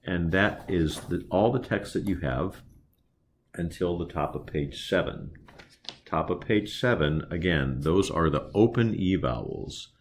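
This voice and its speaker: A man leading a choir diction lesson, explaining vowel sounds carefully and singing slow demonstrations. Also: low voice, expressive, husky. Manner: unhurried, careful teaching with slow sung demonstrations. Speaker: choir director.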